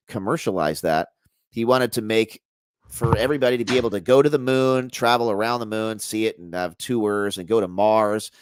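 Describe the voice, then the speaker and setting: A man being interviewed as a guest researcher in a casual chat. He talks in an animated, jokey way, trailing off and restarting his sentences. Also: fairly low pitch, dry recording, studio quality.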